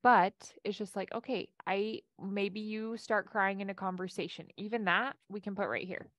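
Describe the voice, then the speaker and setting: A woman's voice: medium pitch, steady tone, moderate pace, fairly bright tone, no echo. A woman life coach giving a casual coaching talk and answering audience questions, with a chatty delivery full of restarts.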